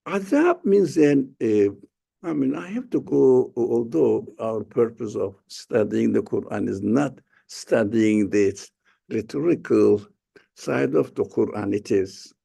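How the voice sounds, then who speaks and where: Slow, gravelly male Quran teacher. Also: medium pitch, lively intonation, warm tone. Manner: slow, halting explanation with rhetorical questions. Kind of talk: informal Quran study lesson.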